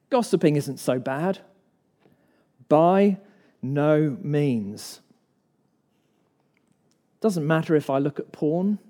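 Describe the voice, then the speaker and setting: A man's voice: fairly high pitch, dark tone. A man preaching an evening sermon in church, earnest and emphatic, posing rhetorical questions to the congregation.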